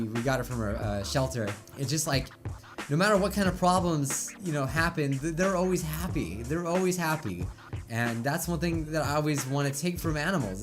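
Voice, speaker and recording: A man hosting his own reaction channel talks casually about losing a pet. His voice is choked and tearful, and he rambles with halting restarts. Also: fairly high pitch. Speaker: YouTube reaction host. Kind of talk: emotional casual reaction talk.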